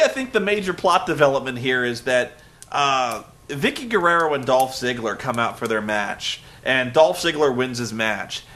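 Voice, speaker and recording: A young man hosting a casual recap, rambling and animated, breaking into loud shouted impressions. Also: medium pitch. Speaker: web show host. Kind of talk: casual wrestling recap rant.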